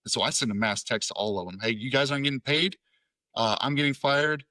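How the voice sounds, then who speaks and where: A man's voice: medium pitch, fast, bright, forceful tone, no room sound. A man in his thirties from Tennessee, a podcast guest telling a story in a casual way. He swears freely and acts out what each person said. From Tennessee, USA. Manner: profane, acts out quoted dialogue. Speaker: podcast guest, Air Force veteran.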